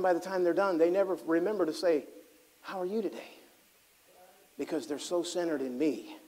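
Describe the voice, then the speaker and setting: High-voiced fervent preaching pastor. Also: male voice. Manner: swings from loud fervent preaching to hushed tender asides; acts out voices of people he describes. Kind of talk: sermon.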